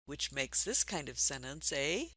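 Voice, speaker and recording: A woman teaching a basic reading lesson for adults, patient and encouraging, speaking slowly and clearly. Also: deep voice, very animated, bright, forceful tone, dry recording.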